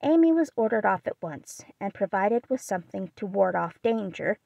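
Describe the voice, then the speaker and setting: A woman narrating a classic novel as an audiobook in a steady, measured reading. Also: mid-range voice, vocal fry, no room sound, muffled recording. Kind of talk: scripted narration.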